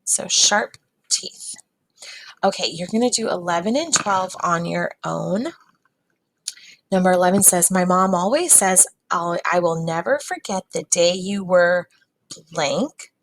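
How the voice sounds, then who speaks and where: A woman teaches a recorded phonics lesson to young children, sounding each word out patiently. Her voice sits low and has a gravelly fry. She speaks at an unhurried, deliberate pace. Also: animated, a little hiss or hum, rough recording. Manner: patient, slow, sounding words out.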